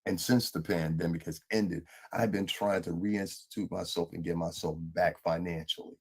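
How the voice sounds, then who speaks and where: A man with gives a stern, lecturing monologue aimed at someone he addresses directly. His voice is very low and husky. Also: steady tone, moderate pace. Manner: lecturing, scolding tone. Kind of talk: commentary monologue.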